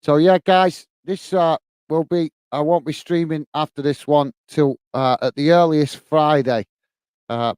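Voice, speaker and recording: A man with a Northern Irish accent hosting a football watch-along stream, giving steady play-by-play and chatting in a friendly way as he reads viewer comments. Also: mid-range voice, clear, resonant tone, no room sound. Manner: friendly and chatty, often says "mate" while reading viewer comments. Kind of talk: live play-by-play commentary with chat.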